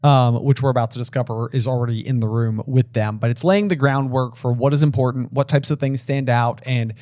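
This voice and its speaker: A man's voice: medium pitch, steady tone, fairly quick, a little mellow, no echo, clean studio sound. Chatty man co-hosting a book podcast. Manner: chatty, filler-heavy with many restarts. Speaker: podcast co-host. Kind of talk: casual book discussion.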